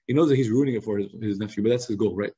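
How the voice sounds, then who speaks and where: A man teaching a youth study circle in a lively, conversational storytelling style, acting out quotes over a video call. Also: fairly low pitch, very fast, breathy edge. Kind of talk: casual storytelling lesson. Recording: slightly muffled lo-fi recording.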